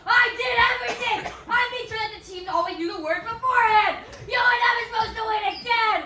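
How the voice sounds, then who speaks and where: Stage villain: shrill, fast, vengeful coach played by a woman, echoey theatre from far off. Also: expressive, bright, forceful tone, a little hiss or hum, heavily acted. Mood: ranting. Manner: ranting, vengeful confession. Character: spiteful scheming rival coach, woman. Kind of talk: live stage play acting.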